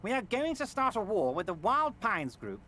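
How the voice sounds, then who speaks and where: An actor playing a jovial, scheming, heavyset male union boss in a video game, speaking in a booming, self-assured, sweeping way. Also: big pitch swings, moderate pace, bright, forceful tone, a little hiss or hum, full character voice. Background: game music.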